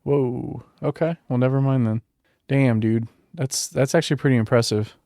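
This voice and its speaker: A man's voice: medium pitch, moderate pace, mellow, dry recording, studio quality. Hesitant man reviewing movies. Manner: hesitant, lots of fillers and restarts. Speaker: podcast co-host. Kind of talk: casual movie review chat.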